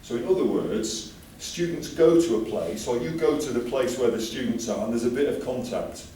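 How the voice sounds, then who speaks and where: A man from the UK speaks to a conference audience with chatty enthusiasm and jokey asides. His voice is mellow and warm. He is picked up from some distance in a very echoey hall with a faint hum of ambience. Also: mid-range voice, moderate pace. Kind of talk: conference talk.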